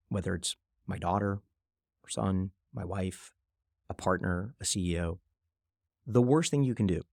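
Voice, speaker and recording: Fast-talking gravelly man, animated storyteller. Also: low-pitched, dry recording, studio quality. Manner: fast, animated storyteller who acts out quotes. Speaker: guest, venture investor. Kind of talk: conversational podcast interview.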